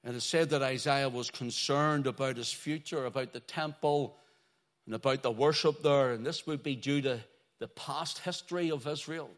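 A man preaching a sermon, swinging between loud, drawn-out exclamations and hushed, dropping phrases as he stresses key words. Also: mid-range voice.

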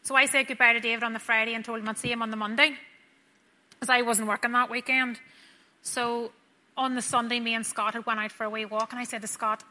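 A woman's voice: fairly high pitch, flat delivery, fast talker, bright, forceful tone. Northern Irish woman telling a heartfelt story. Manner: chatty, acts out dialogue, says "wee" often. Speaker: speaker giving a personal faith testimony. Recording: long hall reverb.

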